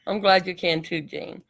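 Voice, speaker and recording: A woman's voice: lowish voice, fairly even intonation, slow pace, fairly bright tone. Middle-aged woman, live craft tutorial host, chatty and apologetic, slightly winded from allergies. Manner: chatty, apologetic, laughs easily. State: coughing, out of breath from allergies. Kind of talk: casual livestream craft tutorial.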